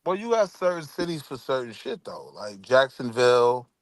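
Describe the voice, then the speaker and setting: A man's voice: medium pitch, very animated, normal speed, a crowd in the background. A man from Baltimore, joking in a wry, streetwise way during casual podcast chat.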